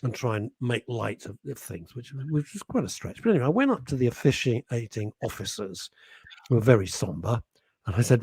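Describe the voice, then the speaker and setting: A man presenting on radio, telling a funny story with animated delivery and laughing as he goes. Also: mid-range voice, fairly quick, slightly rough, no echo. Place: radio studio. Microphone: studio microphone.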